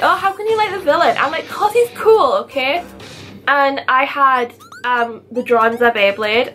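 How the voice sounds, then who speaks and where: A woman's voice: on the high side, a bit bright. A young woman vlogger chatting casually and gushing animatedly, with gasps and mock outrage. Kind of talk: casual chatty countdown vlog.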